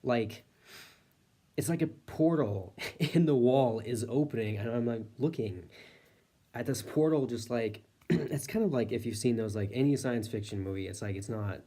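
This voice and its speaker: Mellow man rambling through a story. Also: medium pitch, normal speed. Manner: rambling, filler-heavy, lots of "like". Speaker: storyteller host. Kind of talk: casual personal storytelling.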